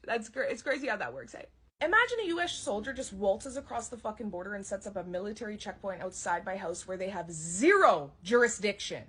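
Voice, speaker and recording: A woman's voice: on the high side, animated, fairly quick, fairly bright tone, slightly rough. A young woman, delivering a heated, profane, sarcastic rant. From Canada. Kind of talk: ranting monologue.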